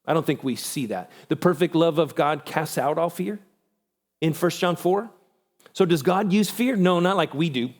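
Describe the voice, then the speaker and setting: Man, church conference speaker, animated, slightly high voice, acts out voices. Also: moderate pace. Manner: animated, acts out quoted voices with big pitch jumps. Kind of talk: church talk.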